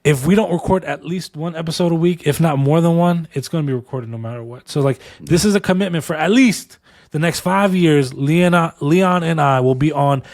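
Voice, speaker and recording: Tired podcast co-host, male, slightly high voice, recorded dry; animated storyteller who repeats points for emphasis. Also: normal speed, dry recording. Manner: animated, acts out dialogue in stories; motivational, emphatic repetition. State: tired after back-to-back recording. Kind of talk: casual storytelling.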